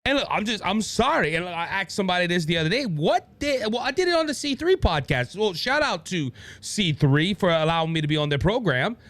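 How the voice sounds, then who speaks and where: Man, Cajun accent, podcast host, high-pitched, very expressive pitch, rambling political commentary. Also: brisk, few pauses, no echo. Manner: animated and rambling, frequent restarts, addresses listeners as ladies and gentlemen.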